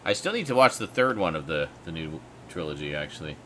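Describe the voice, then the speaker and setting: A man's voice: extremely low pitch, sing-song, fast, sharp tone, slight background noise. A man chatting on a casual livestream, thoughtful and enthusiastic as he weighs different versions of films. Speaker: viewer and co-host.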